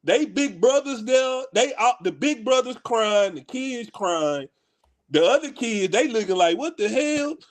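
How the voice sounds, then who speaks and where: A high-voiced man with a Houston accent tells a story among friends. He is animated and slangy and laughs along the way. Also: measured pace. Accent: Houston, Texas. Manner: animated, laughs while telling stories, slangy. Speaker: podcast co-host.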